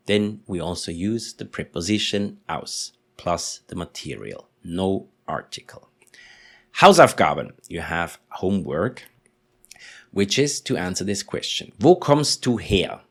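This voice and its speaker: A man teaching in English, explaining patiently and slowly repeating example sentences. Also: deep voice. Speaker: German teacher. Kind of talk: language lesson explanation.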